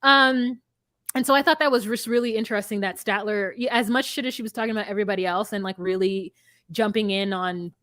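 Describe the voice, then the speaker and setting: A woman's voice: medium pitch, quick pace, no echo. Blunt, profane woman recapping TV. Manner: blunt, profane, animated storytelling. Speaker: podcast co-host. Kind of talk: casual recap chat.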